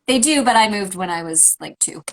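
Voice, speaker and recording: A woman's voice: medium pitch, lively intonation, a little fast, slight background noise, low-quality recording. A woman from Canada chatting casually on a livestream, joining over a video call and rambling a little with fillers. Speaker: voice actor signing autographs on a livestream. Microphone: remote video call.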